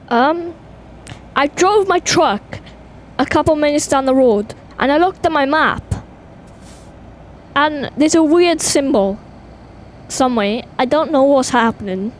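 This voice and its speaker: High-voiced Welsh woman, chatty gamer. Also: a little slow, long pauses. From Wales. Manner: chatty, excitable, talks to viewers. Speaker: gaming video host. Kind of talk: casual gameplay commentary. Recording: game engine noise behind voice. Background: truck and vehicle sounds from game.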